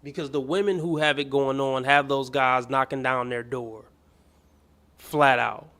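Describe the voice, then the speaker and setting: A man's voice: medium pitch, fairly even intonation, unhurried, fairly bright tone. A man hosting a commentary stream, reacting bluntly and scornfully to clips, with some profanity. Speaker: host.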